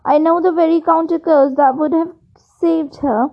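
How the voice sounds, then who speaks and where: A boastful, vain show-off of a man, rattling off his claims in a quick, high voice, as a woman reading a storybook puts him on. The sound is dull and lo-fi. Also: steady tone.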